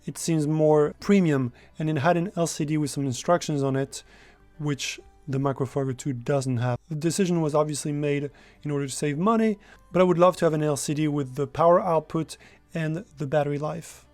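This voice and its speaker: A man's voice: a little high, fairly even intonation, a little fast, darkish tone, dry recording, faint music behind. A young man giving a casual, enthusiastic product review straight to camera.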